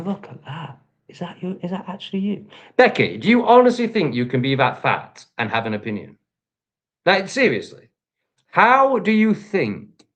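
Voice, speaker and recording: An English vlogger with a medium-pitched, fairly bright voice rants angrily at the critics in his reaction video, swearing as he goes.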